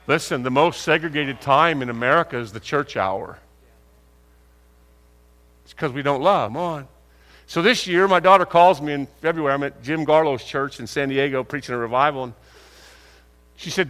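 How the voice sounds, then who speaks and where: In a hall with long reverb, an older preacher delivers a storytelling sermon in a folksy, conversational way, voicing the characters' lines himself. He speaks a little high at normal speed, pausing often, with a slightly bright sound.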